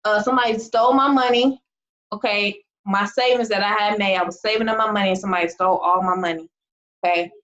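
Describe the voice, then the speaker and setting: This time she talks fast, with a mid-range, fairly bright voice and fairly even intonation, over lo-fi sound. She is an American business coach and team leader firing up her online group with an emphatic talk full of rhetorical questions.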